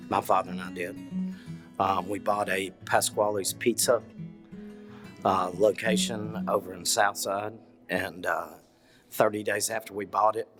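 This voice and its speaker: Low-voiced man, restaurant owner, casual story, faint guitar. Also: a bit bright.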